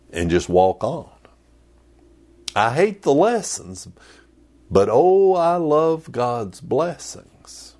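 A male pastor preaching a sermon in an animated, conversational way with playful asides. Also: lowish voice, very slow.

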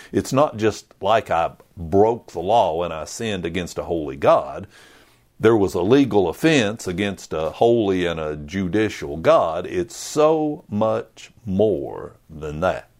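A man's voice: low-pitched, a little mellow. A man preaching a sermon in an earnest, conversational way, acting out little asides. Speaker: pastor.

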